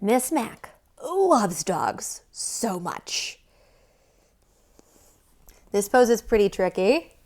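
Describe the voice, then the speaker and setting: A young woman teaching yoga to young children in a sing-song, encouraging way. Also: fairly high pitch. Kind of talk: leading a kids' yoga class.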